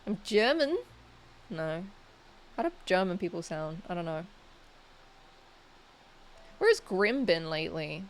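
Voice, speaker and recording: Talking to her stream's chat, a woman with a lowish, animated voice takes her time, pausing frequently. The tone is clean, and she rambles casually, hesitating and restarting with lots of filler words.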